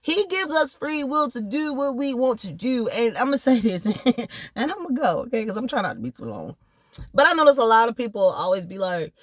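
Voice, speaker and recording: A woman's voice: high voice, animated, moderate pace. A woman speaks straight to the listener from inside her car. Her testimony is heartfelt and direct, and it leans into preacherly encouragement. The sound is close and dry, with no room echo. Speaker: vlogger sharing personal testimony. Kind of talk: earnest personal testimony.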